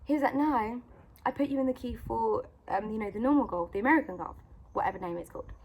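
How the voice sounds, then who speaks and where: A woman's voice: fairly high pitch, quick pace, a little mellow. A woman telling a story to her phone camera, chatty and full of "like" and "you know", acting out the other people in it. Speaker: vlogger sharing encouragement. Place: outdoors in sunlight. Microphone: phone camera at arm's length.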